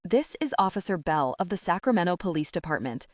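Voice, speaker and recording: A woman's voice: fairly low pitch, sing-song, a little fast, darkish tone, no echo, clean studio sound, distant mic. A woman reading a stiff, deferential cop. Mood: formal. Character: hesitant male police officer.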